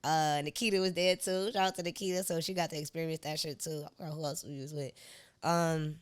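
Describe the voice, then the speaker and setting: A young adult woman, a guest artist, tells stories in a casual interview, animated and slangy, acting out dialogue with laughs. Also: deep voice, fairly quick, clear, resonant tone.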